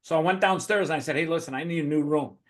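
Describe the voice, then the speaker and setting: A man's voice: on the high side, fast talker. A man hosting a podcast, telling stories animatedly and swearing often in a casual conversation. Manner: animated profane storytelling. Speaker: podcast host.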